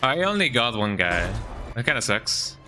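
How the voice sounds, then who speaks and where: A man's voice: mid-range voice, very animated, moderate pace. A man streaming a video game, chatting casually and reacting as he goes, often tagging his lines with "eh?". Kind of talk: casual gameplay commentary. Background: game music.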